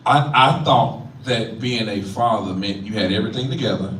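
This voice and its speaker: A man's voice: fairly low pitch, moderate pace, a little hiss or hum. A middle-aged man, a pastor, giving a preacherly community talk, stammering and checking in with "right?". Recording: echoey room, mic from far off.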